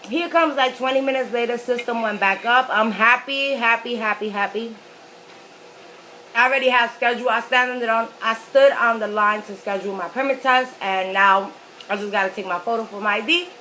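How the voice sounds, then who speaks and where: Woman, mukbang vlogger, bright voice, fairly high, rambling casual story. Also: brisk, a little hiss or hum, low-quality recording. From New York City. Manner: chatty, rambling, lots of fillers. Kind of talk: casual storytelling while eating.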